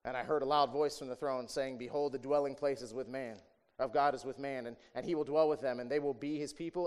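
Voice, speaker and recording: A pastor with a mid-range voice speaks fairly quickly and smoothly, his intonation fairly even. His sermon is conversational, built on rhetorical questions and a recurring "right?", swinging from emphatic raised passages to quiet asides.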